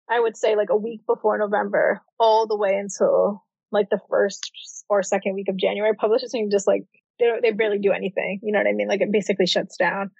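A woman's voice: medium pitch, gravelly, breathy edge, no echo. A young adult woman, an author, telling her story casually in an interview, with lots of "like" fillers. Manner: chatty, heavy use of "like". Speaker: author guest. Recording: dull, dry audio.

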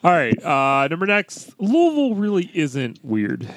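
A man's voice: on the high side, huge pitch swings, unhurried, very noisy. A man hosting a casual chat, reading out statements for the table to argue about. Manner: reads out statements, teasing. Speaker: podcast host reading prompts.

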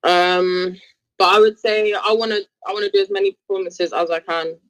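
A woman's voice: mid-range voice, normal speed, fairly bright tone, dry recording, low-quality recording. A British woman, a musician, chatting as a guest on a podcast in a friendly, easygoing way. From United Kingdom. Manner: friendly, easygoing, laughs readily. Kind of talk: casual interview chat.

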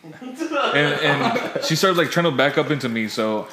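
A man's voice: a little high, big pitch swings, a little slow, reverberant, over a noisy crowd. A man telling a story casually among friends, rambling, laughing and restarting his sentences.

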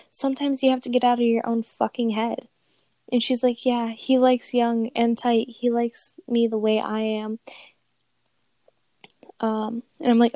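A woman's voice: on the high side, warm tone, no room sound. A young woman casually telling a profane, amused story and reading out chat messages aloud. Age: young adult.

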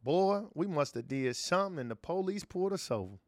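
A man's voice: fairly high pitch, lively intonation, fairly quick, dry recording, studio quality. A man from Chicago telling a story in a laid-back, slangy way, full of casual fillers. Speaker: podcast co-host.

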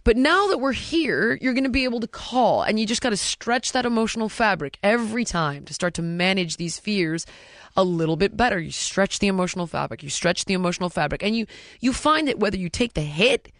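A woman hosts a podcast in a casual, unfiltered way, swearing freely as she tells stories. Her voice sits at an ordinary middle pitch. The sound is dry and close, with no room echo. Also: animated, fairly quick. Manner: frank and blunt, swears freely, storytelling. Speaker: podcast host and mother. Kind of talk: candid casual podcast chat. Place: podcast studio.

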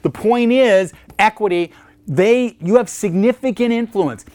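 A male instructor's voice sits high and keeps a measured pace, with no room sound, as he delivers a recorded accounting lecture. He's lively and full of jokes, staging short phone calls to explain things.

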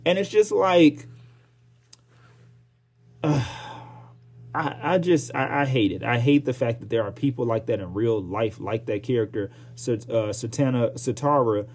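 A man hosting his own podcast, ranting in a heated, profane, animated way, with sighs and outbursts. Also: medium pitch, a little slow, breathy edge. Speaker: podcast host. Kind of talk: casual solo podcast rant.

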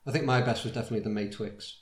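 A man's voice: mid-range voice, racing. A man hosting a casual podcast chat, playful and teasing. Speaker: podcast host. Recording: echoey room with background noise.

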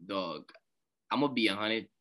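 A young man co-hosting a podcast, animated and slangy, saying "bro" a lot. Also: on the low side, moderate pace. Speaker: podcast co-host. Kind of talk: casual chat.

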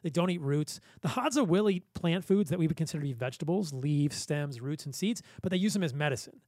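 A man's voice: on the high side, lively intonation, quick pace, darkish tone, no room sound. A man guesting on a podcast as a physician, chatting casually and telling stories with frequent laughs. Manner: enthusiastic storyteller with frequent laughs.

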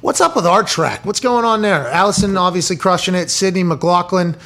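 The host of this sports podcast has a high voice and speaks fairly quickly. In loose, casual sports talk, he animatedly spins crude comic stories and jokes, working them up into comic rants.

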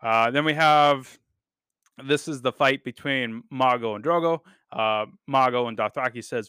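Podcast guy rambling on, bright crisp voice, dry close sound, lots of ums. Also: medium pitch, moderate pace, no room sound. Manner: rambling, enthusiastic, many fillers and casual swearing. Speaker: podcast host reviewing a TV series. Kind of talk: casual chat.

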